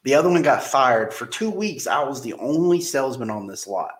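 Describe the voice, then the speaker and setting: A man with an even, mid-pitched voice tells stories from his car sales days in a relaxed interview. He rambles, repeats words and gets animated in the retelling. A roomy echo hangs around his voice. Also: brisk. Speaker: car dealership general manager. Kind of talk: casual interview storytelling.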